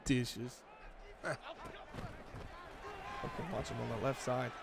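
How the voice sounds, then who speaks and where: This streamer's medium-pitched voice is slow, creaky and fairly even in intonation as he casually commentates his football franchise mode play by play, cheering his team like a fan. Background noise and game music and sounds sit under his speech.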